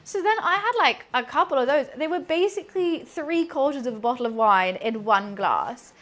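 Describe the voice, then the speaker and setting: A young woman with a British accent chats through a cooking livestream. Her voice sits high, and she tells long, excitable stories that keep trailing off into laughter. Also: normal speed. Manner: rambling, excitable storytelling with frequent laughter. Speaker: streamer. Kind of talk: casual chat while cooking on a livestream.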